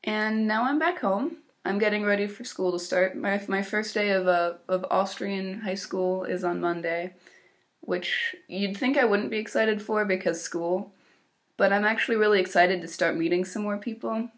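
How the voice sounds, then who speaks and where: At normal speed and in a mid-range voice, a teen girl with an American accent from Illinois shares a casual, upbeat video diary about her exchange year. As an exchange student vlogger, she's chatty, using fillers and small laughs.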